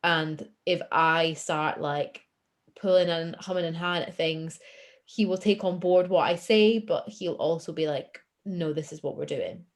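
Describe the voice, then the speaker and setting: A woman with a slightly low voice talks openly as a podcast guest. She is self-deprecating and laughs easily. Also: a little slow. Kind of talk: casual chat.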